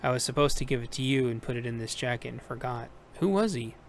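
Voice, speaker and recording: Wary young woman soldier, read by a man, hesitant, mid-pitched, faint hiss behind. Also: lively intonation, fast, close to an everyday voice.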